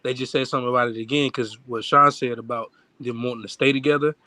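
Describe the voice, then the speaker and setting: Bright-voiced man, dry close sound. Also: mid-range voice, steady tone, fast, dry recording. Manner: cautious, relays news reports. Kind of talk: casual sports chat.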